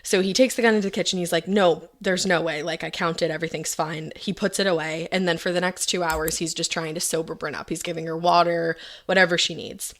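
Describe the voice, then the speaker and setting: A woman's voice: on the low side, fairly even intonation, fairly quick, hardly any pauses, a bit bright. A woman podcast host retelling events in a casual, chatty way, full of fillers and quoted lines. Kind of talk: casual true-crime storytelling.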